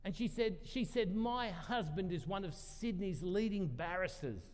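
A pastor with a high, expressive, darkish-toned voice preaches a sermon at a moderate pace, long hall reverb trailing his words. He tells a story in a chatty, self-deprecating style and acts out the voices of the people he quotes.

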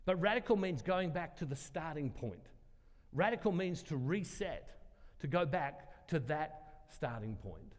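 Chatty preacher in a reverberant hall. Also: male voice, a little high, expressive, unhurried. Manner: chatty, self-deprecating, acts out quoted voices. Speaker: pastor. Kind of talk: sermon with storytelling.

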